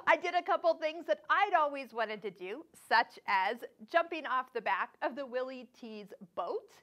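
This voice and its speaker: A woman hosting a sewing channel tells her viewers a travel story in a casual vlog. Her voice sits high and moves animatedly, and she laughs easily and slips into the voices of people she met. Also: lively intonation, normal speed, a bit bright. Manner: chatty, laughs often, acts out quoted voices.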